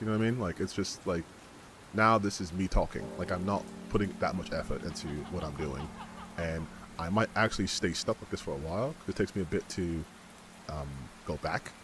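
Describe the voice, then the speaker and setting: Low-voiced joking streamer man. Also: fairly quick, a little hiss or hum. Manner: chatty, joking, playing with a mock British enunciation. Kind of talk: gaming livestream commentary.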